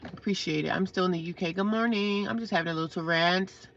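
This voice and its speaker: A woman's voice: fairly low pitch, fast, a bit bright, muffled recording, slight background noise. A woman from New Jersey live-streaming, bluntly ranting at trolls and chatting casually with viewers.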